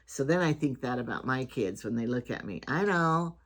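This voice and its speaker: A woman's voice: extremely low pitch, animated, normal speed. Rambling older woman chatting at home. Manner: rambling and chatty, trails off and restarts. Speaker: vlogger host. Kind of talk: casual home talk show monologue.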